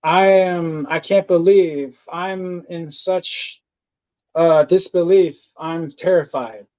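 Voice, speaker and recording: A man speaking slowly and earnestly, his voice sitting a little high for a man. He tells a personal story as a podcast guest, halting often, restarting his sentences and filling gaps with words like "like". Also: fairly even intonation, a little mellow, clean tone, low-quality recording. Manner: slow, halting, earnest, with many fillers and restarts.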